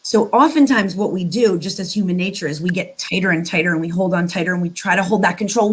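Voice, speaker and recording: A woman's voice: medium pitch, fast talker, hardly any pauses, husky, rough recording. A woman co-hosting a casual conversation about emotions, speaking in an earnest, coaching way. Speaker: co-host.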